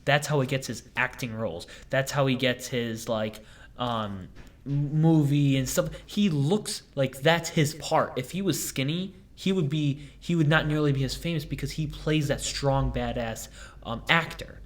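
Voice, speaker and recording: A young man hosting a casual podcast, rambling through stories and acting out quotes in high voices. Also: measured pace. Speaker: podcast host.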